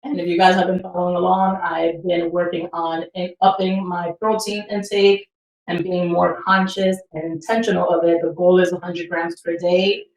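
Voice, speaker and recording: A chatty woman in her thirties with a fairly low voice, co-hosting a casual podcast. She swears freely and laughs easily. The sound is roomy and she sits back from the mic. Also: little pitch movement, moderate pace, darkish tone, far from the mic. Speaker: podcast co-host. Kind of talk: casual chat.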